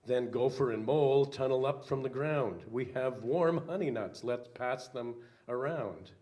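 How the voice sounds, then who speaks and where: An older man, a minister, reading a children's story aloud slowly with some hesitant fillers. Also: mid-range voice, darkish tone.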